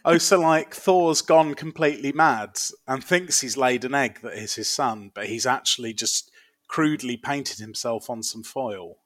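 Man, podcast co-host, playful jokey delivery, mid pitch. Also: a bit bright, no room sound, studio quality. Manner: playful, quick with silly bits. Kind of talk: casual chat.

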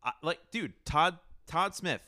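Bright, earnest male talker. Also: a little high, animated, a little slow. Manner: earnest, stumbles on words. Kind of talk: casual chat.

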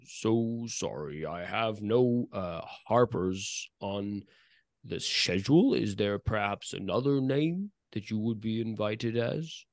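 A man's voice: fairly low pitch, takes it slowly, dry recording, studio quality. A man voicing a burly male security guard with a growling voice and a politely formal manner in a tabletop game.

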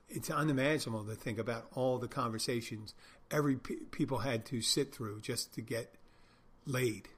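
A middle-aged man spins loose, wandering stories in a husky voice, stopping to correct himself often. His pitch sits in an ordinary middle range, and his tone stays wry and casual throughout. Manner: rambling, self-correcting, wry. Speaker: podcast host, bartender. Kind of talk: casual monologue storytelling.

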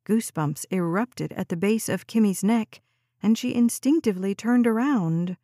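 Mellow-voiced woman narrating an audiobook. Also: medium pitch, normal speed, dry recording, studio quality. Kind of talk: scripted narration of a novel.

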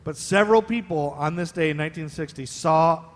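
He's a podcast co-host from Ohio, performing live on a stage and recounting history in a playful, conversational way. His voice sits on the high side and moves briskly, echoing with the stage's long reverb.

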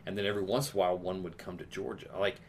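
Man, low voice, chatty storyteller, faint room hum behind. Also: fairly even intonation, very fast. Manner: chatty storyteller with many restarts and laughs. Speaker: podcast co-host. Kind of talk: casual chat.

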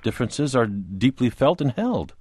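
A man hosting an interview, probing his guests' views in a measured way. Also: mid-range voice, big pitch swings, a little mellow, slightly rough, dry recording. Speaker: host.

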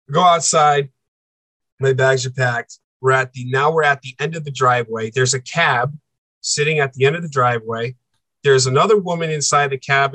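A man telling a personal story as an interview guest, earnest and halting, often repeating himself for emphasis. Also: medium pitch, fairly bright tone, no echo, rough recording.

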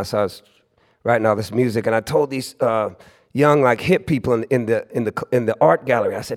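A man's voice: medium pitch, fairly quick. A man in his forties from Oakland telling a loose, laughing story on stage, acting out other people's voices as he goes. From Oakland, California. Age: 40s. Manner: animated, acts out other people's voices in quotes; laughs often, loose and conversational with many restarts. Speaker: storytelling speaker at a live event. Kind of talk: live storytelling monologue. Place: club stage before a live audience.

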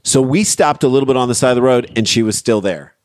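A man's voice: mid-range voice, fast, a little mellow, no room sound, studio quality. A man co-hosting a casual comedy podcast, reading out a news story and riffing on it sarcastically. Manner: sarcastic, riffs on the story, reads out quotes.

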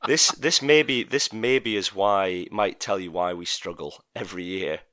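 A man's voice: deep voice, a little slow, pushed and bright, dry recording, studio quality. A Scottish man hosting a rugby podcast in casual chat, jokey and leading a quiz. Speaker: podcast host.

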